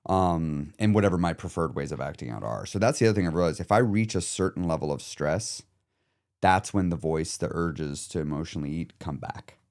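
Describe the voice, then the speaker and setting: A man who coaches clients through emotional eating talks candidly and reflectively in a casual podcast chat, swearing now and then. His deep voice has a darkish tone and is expressive, moving a little fast.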